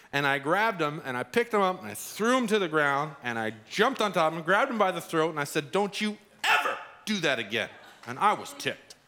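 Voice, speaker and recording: A pastor preaching a sermon, his voice bright and a little high for a man. He tells a personal story and acts out what people said. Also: a little hiss or hum. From Arizona. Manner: storytelling with acted quotes.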